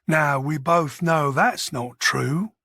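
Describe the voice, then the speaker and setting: A man reading the part of a soft-spoken, menacing middle-aged killer who talks in a slow, mocking way. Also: fairly high pitch, no echo, studio quality, heavily acted.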